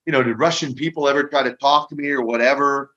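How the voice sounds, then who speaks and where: An older man, a guest on an interview show, telling lively stories and often repeating his words as he goes. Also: medium pitch, fast. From Minneapolis, US Midwest. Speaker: guest, retired pro wrestler. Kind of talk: casual storytelling interview. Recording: dull lo-fi audio.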